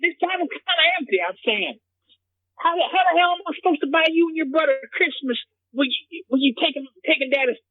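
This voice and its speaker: A man's voice: extremely high pitch, expressive, a little fast, narrow, tinny audio. A man playing a rambling, dim-witted character who stumbles over his words and repeats himself, as a comedy bit. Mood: scolding.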